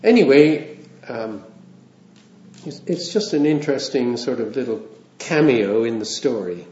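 Slow, wry male preacher. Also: mid-range voice, animated, a little mellow. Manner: conversational, wry asides with chuckles. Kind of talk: sermon. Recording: roomy, dull lo-fi sound.

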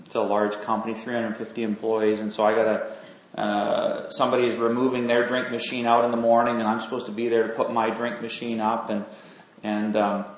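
A man preaching an informal Bible sermon in a conversational, halting way, with many fillers and restarts. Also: on the low side, monotone. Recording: echoey room, dull lo-fi sound.

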